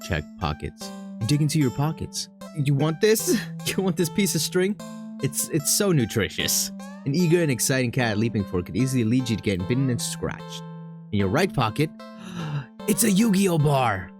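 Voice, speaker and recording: A gaming streamer, a man, reading a text game aloud in a low dramatic voice and breaking into high, excited reactions.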